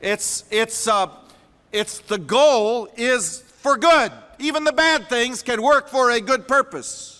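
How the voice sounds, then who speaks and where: A man's voice: very high voice, takes it slowly, sharp tone, clear, resonant tone, big-room sound. A man preaching a sermon as a pastor, emphatic and repeating words for stress.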